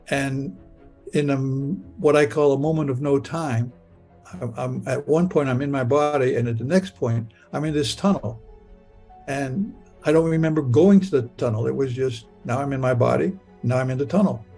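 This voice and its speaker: An older man telling his own story in a halting, stammering way, with frequent restarts. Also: mid-range voice, creaky, mellow. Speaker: storyteller recounting a near-death experience. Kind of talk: personal storytelling.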